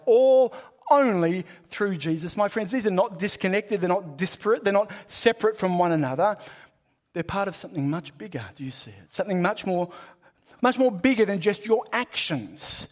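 High-voiced preacher, emphatic. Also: male voice. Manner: emphatic, with swings between loud and hushed; repeats phrases for rhythm and emphasis. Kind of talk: sermon.

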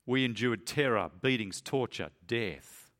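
A man's voice: medium pitch, a little slow, fairly bright tone, natural voice. A defiant young woman speaks, bitter and accusing, as she challenges her judge, voiced lightly by a man reading a sermon story. The voice stays close to his own middle register.

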